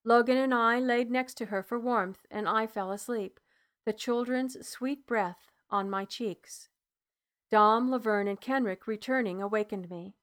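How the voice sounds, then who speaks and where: A woman narrating an audiobook in the first person, measured and soft, dropping low at dialogue tags.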